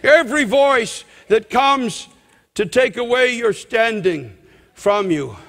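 A male pastor preaches with fervent, shouted conviction. His voice sits very high and bright, and it rings out with long reverb through a large church. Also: animated, takes it slowly. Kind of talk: sermon.

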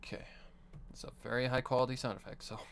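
A man's voice: medium pitch, fairly even intonation, fast talker, creaky, a little hiss or hum. A man on a live stream, casually muttering to himself as he edits audio. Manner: muttering to himself while working.

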